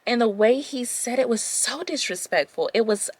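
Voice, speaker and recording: A woman's voice: on the high side, normal speed, breathy edge, no room sound. A woman, a vlogger chatting casually and animatedly as she tells a story straight to her viewers. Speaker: vlogger telling a dating story.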